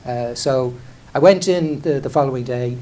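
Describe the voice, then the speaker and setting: A man's voice: medium pitch, normal speed, dark tone, slight background noise. A middle-aged Irish man, an airline chief executive, telling candid, self-deprecating stories in a conversational way, full of restarts and "you know". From Ireland. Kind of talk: candid anecdotal talk on stage.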